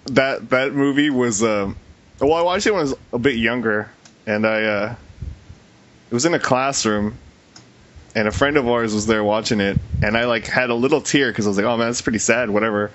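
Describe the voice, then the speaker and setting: A man's voice: mid-range voice, normal speed, a bit bright. A young man hosting a casual podcast, teasing his co-host and laughing often. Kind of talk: casual chat. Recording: dull lo-fi podcast audio with faint hiss.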